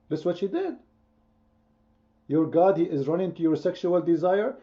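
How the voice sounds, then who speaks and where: A high-pitched yet dark-toned man hosts a heated online debate. He hammers his points through repetition and keeps quizzing the listeners. The sound is dull and lo-fi, like a voice-chat stream. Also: lively intonation, moderate pace, long pauses. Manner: emphatic, repetitive, quizzing the audience. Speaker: debate host.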